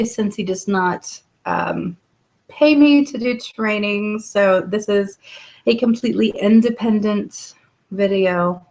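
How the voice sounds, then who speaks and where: At night from home, a woman hosts her weekly live video hangout, chatting upbeat with many ums. Her medium-pitched voice comes through a laptop webcam mic with dull audio.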